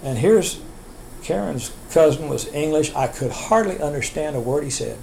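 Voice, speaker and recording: Older man, slightly raised pitch, gravelly, rambling family storyteller; faint hiss under the recording. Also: expressive, moderate pace, dark tone, low-quality recording. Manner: rambling, chuckling storyteller with restarts. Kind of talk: oral history storytelling.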